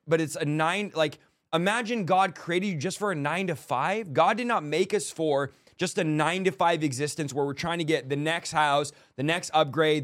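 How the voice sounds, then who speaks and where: A man's voice: a little high, a bit bright. A man hosting a faith podcast, encouraging his guest and preaching his point in casual chat. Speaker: podcast host.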